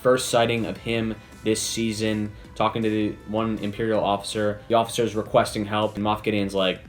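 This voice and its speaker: Chatty low-voiced man reviewing an episode. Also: flat delivery, normal speed, hardly any pauses, faint music behind. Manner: chatty, enthusiastic, leans on "basically" and "like". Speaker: video reviewer. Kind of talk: casual spoiler review commentary.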